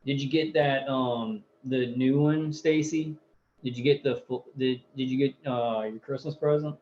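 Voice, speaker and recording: A man hosting a casual livestream, reading viewer comments aloud between loose, hesitant asides. He talks at an ordinary middle pitch with frequent ums and restarts. The audio is muffled and lo-fi, with a faint hiss underneath. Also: steady tone, unhurried. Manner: rambling, hesitant, many fillers.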